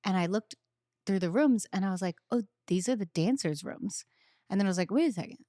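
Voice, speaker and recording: A woman's voice: medium pitch, fairly quick, dry recording. Bubbly woman host in her thirties, acts out every quote, recorded dry and close. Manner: animated storyteller, acts out quotes loudly. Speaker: podcast host. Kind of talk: casual chat.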